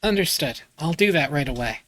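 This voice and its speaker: A man reading the lines of a polite office secretary in a game, in a brisk tone. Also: fairly high pitch, expressive, bright, forceful tone, pitched below the performer's own voice. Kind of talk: reading game dialogue aloud.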